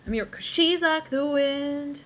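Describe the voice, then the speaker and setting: A woman's voice: high voice, unhurried, a bit bright. A woman doing a casual psychic tarot reading, rambling and chatty, talking straight to her viewers and humming snippets of song. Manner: rambling, laughs often, breaks into snippets of song; chatty, addresses viewers directly. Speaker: tarot reader.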